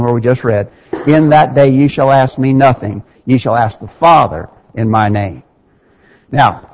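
A man's voice: mid-range voice, a little mellow, dull audio. A man preaching a sermon in an earnest, emphatic way, reading scripture aloud and explaining it. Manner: earnest, emphatic, quotes scripture in King James wording.

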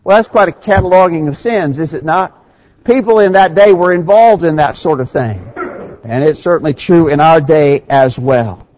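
A man preaches to his congregation in a plain, conversational way, slipping into dry irony before reading scripture aloud. His voice sits a little high for a man. The church recording sounds dull and lo-fi. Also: moderate pace, a little mellow, a little hiss or hum. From Middle Tennessee. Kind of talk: sermon. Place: church sanctuary.

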